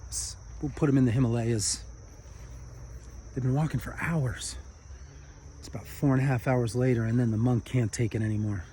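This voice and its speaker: A man preaching, telling a parable in an animated, conversational way. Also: medium pitch, moderate pace, long pauses, slight background noise. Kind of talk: storytelling sermon.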